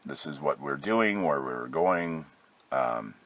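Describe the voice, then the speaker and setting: A man's voice: rumbling low, animated, slow, a bit bright. A man hosting a solo podcast from home with a sick voice, talking loosely with many fillers and self-corrections. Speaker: podcast host. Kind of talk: casual solo podcast monologue.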